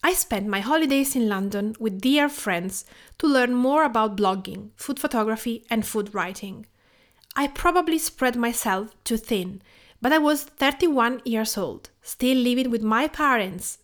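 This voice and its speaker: Woman, around 40, Italian accent, a bit high-voiced; podcast host doing calm, measured scripted narration. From Tuscany, Italy. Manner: calm, measured reading with a personal storytelling tone. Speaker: podcast host and home cook.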